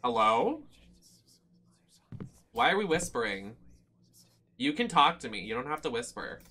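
Animated, bright-voiced swearing horror streamer. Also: medium pitch, unhurried, a little hiss or hum. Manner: loud, profane, jokey running commentary; sudden squeals and shouts when startled. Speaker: streamer playing horror games. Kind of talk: live game stream commentary.

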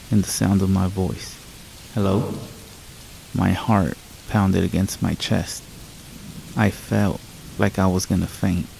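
A man with a low, heavily gravelly voice reads a horror story aloud in a calm, measured way. His tone is dark and mellow, and soft rain falls faintly behind him. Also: a little hiss or hum, low-quality recording. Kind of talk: scripted horror narration. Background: rain sounds.

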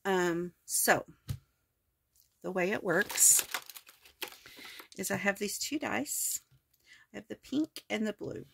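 Hoarse, gravelly-voiced woman crafting. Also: mid-range voice, animated, takes it slowly, long pauses, slight background noise. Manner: chatty, rambling, many ums and self-corrections. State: hoarse, voice cracking. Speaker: crafting video host. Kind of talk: casual crafting walkthrough.

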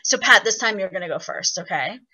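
Bright, animated woman coaching singers. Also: mid-range voice, fairly quick, husky, muffled recording. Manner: chatty, encouraging, explains with lively examples. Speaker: singing workshop instructor. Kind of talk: online voice lesson.

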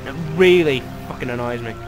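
A man's voice: medium pitch, fairly quick, over music, rough recording. A young man commentating a video game from his bedroom, sarcastic and sweary. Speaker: gamer. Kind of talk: let's play commentary. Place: bedroom at home.

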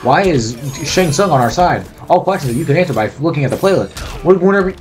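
A man's voice: a little high, expressive, fast talker, darkish tone, soft background music. A man giving casual, profane, joking commentary while playing a fighting game. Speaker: gameplay commentator.

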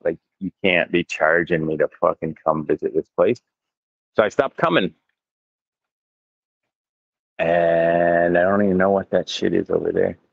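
A man's voice: low-pitched, a little slow, vocal fry, long pauses, no room sound, narrow, tinny audio. A man hosting a casual walking livestream outdoors, rambling and profane with frequent chuckles, recorded on a handheld phone. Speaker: mycology channel host. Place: outdoors in botanical gardens.

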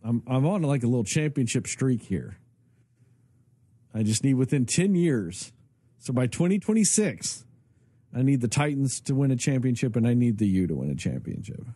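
A male podcast co-host rants in a casual, profane way, his pitch swinging widely. His voice is dark and a little husky. The sound is dry and close. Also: moderate pace, no echo. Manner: profane, ranting, animated. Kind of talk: casual chat.

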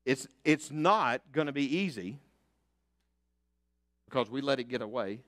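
Fiery older pastor. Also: male voice, medium pitch, lively intonation, a little slow. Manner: fiery and emphatic, swinging from loud declarations to hushed asides. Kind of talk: sermon. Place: church sanctuary.

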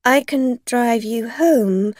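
A woman's voice: fairly high pitch, takes it slowly, darkish tone, dry recording, clean studio sound, voice pushed up. A woman reading a storybook, voicing a tipsy, flustered woman driver who stammers and pleads.

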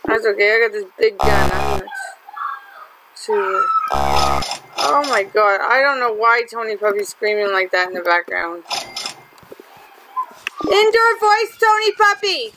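A woman's voice: mid-range voice, big pitch swings, measured pace, background noise. A woman hosting a gaming channel, chatting and teasing through her commentary as she plays. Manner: chatty and teasing, laughs often. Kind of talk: let's-play commentary.

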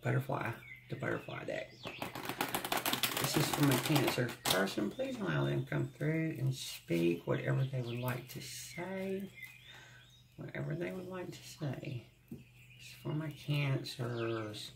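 A tarot reader talking viewers through a heartfelt card reading at an unhurried, drawn-out pace. The voice carries a gravelly fry, broken up by soft hums and sighs. The delivery is tender and close to tears. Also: mid-range voice, background noise. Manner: slow, gentle, often humming and sighing; speaks with emotion, close to tears at times.

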